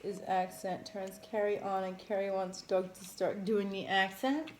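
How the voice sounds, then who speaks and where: Woman co-host, dry teasing chat, mid pitch, roomy echo. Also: little pitch movement, a little slow, a little mellow, slight background noise. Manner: dry, teasing, laughs often. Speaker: mukbang co-host. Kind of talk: casual chat while eating. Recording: echoey room.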